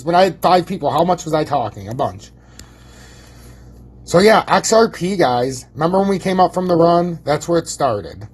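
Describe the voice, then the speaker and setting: A man streaming casual market commentary, brash and boastful, swearing freely and rambling, with a husky voice. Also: on the high side. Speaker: crypto chart streamer.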